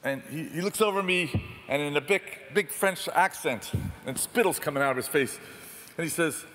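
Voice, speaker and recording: A man speaking on stage as a photojournalist, telling war stories in an animated, self-deprecating way. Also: on the high side, moderate pace, long pauses. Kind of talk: storytelling talk on stage. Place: large theatre hall. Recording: distant reverberant hall, faint noise.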